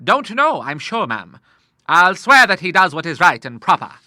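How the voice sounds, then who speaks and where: A man's voice: high voice, very animated, moderate pace, sharp tone, dry recording, clean studio sound, voice pushed up, heavily acted. A man voicing a bluff, courteous old naval admiral in an audiobook, hearty and full of sea talk. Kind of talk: audiobook character voice.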